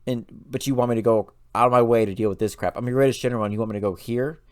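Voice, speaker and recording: A man's voice: mid-range voice, fairly even intonation, racing, a little mellow, dry recording, studio quality, lightly acted. A man voicing a power-hungry male alien gorilla general who speaks bluntly and with scorn. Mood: defiant.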